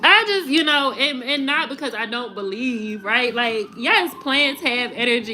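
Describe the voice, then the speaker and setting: Animated, laughing woman streamer. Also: slight background noise. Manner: animated, laughing, swearing, mocking; settles low and slow when signing off. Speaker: tarot reader and live streamer. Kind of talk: casual live-stream chat.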